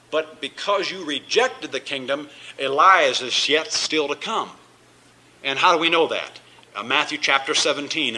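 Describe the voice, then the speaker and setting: A man's voice: a little high, bright, forceful tone, rough recording. A male pastor teaching a verse-by-verse Bible study sermon, reading scripture aloud and then explaining it with emphatic asides.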